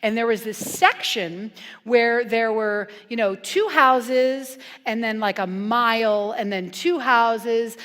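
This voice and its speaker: Woman minister preaching casually, lively and joking then soft and earnest, big echoey church. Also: on the high side, slow pace. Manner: animated, playful storytelling with hushed earnest passages. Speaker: guest minister. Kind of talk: conversational sermon. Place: church sanctuary. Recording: long reverb from a church hall.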